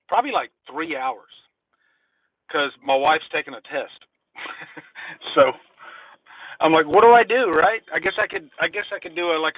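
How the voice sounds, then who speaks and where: A man's voice: on the high side, dry recording. Man, casual live-stream chat, parked car, rambling, swears a bit, dry tinny sound. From Mississippi, US South. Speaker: livestream host. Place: parked car by a convenience store.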